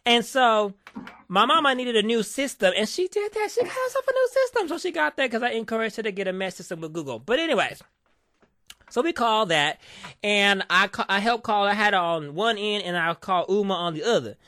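A woman telling a casual storytime rant in an animated, profane way, acting out the quotes as she goes. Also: mid-range voice, a little fast, no echo, studio quality.

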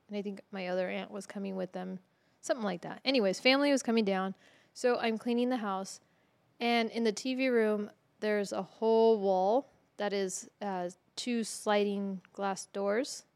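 A woman co-hosting a casual podcast, telling a story in an animated way, swearing freely and laughing through it. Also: mid-range voice, normal speed, gravelly, no room sound. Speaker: podcast co-host.

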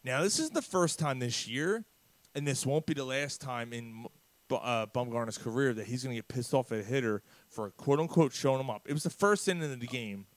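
A man's voice: mid-range voice, brisk, no room sound. A man hosting a casual sports chat, blunt and profane, steering the show from topic to topic. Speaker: podcast host.

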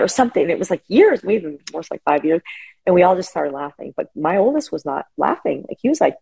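A middle-aged woman sharing emotional personal stories as an interview guest over a remote call, animated and full of fillers. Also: medium pitch, fairly quick, vocal fry, husky, poor audio. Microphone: remote call connection.

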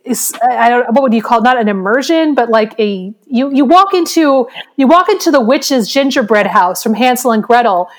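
A woman's voice: on the high side, lively intonation, normal speed, hardly any pauses. A woman co-hosting a podcast, telling a rambling story in casual chat and often breaking into laughter. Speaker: podcast co-host.

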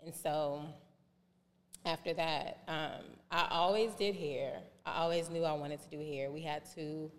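A woman telling a long personal story in a casual podcast chat, animated and acting out remembered dialogue in different voices. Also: low-pitched, unhurried. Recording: reverberant room with faint background noise.

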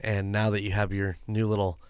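A man co-hosting a podcast in casual chat, rambling through restarts and jokes. His voice sits low, and the recording is dry and close. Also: flat delivery, a little fast, smooth, no room sound. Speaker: podcast co-host.

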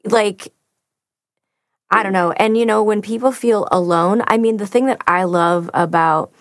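A woman's voice: mid-range voice, unhurried, no echo, clean studio sound. A woman voice actor chatting as a guest, telling stories and gushing about fans with frequent laughter. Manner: gushing, storytelling, laughs often. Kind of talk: casual chat.

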